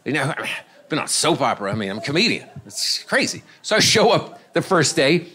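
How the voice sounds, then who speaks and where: A male stand-up comedian telling a story on a comedy club stage into a handheld mic, animated and often chuckling. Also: a little high, brisk, slightly rough. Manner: animated, chuckling, acting out voices.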